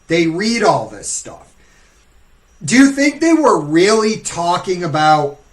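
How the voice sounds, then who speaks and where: A man with a fairly high voice rants bluntly and with plenty of profanity on a casual podcast. He takes his time and lets each point land slowly. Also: rough recording.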